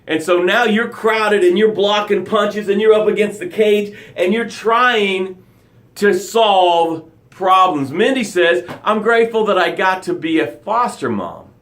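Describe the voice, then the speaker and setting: Emphatic man giving a motivational talk. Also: measured pace. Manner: emphatic, dramatic swings between loud pushes and soft lows. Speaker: motivational coach hosting a live broadcast. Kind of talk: motivational talk reading viewer comments.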